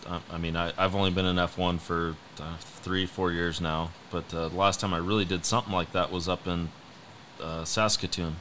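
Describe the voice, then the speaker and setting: Low-voiced boat racer guy telling stories, bright edgy tone, faint room hum. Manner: animated storyteller, many fillers. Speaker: race boat driver. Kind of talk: casual storytelling.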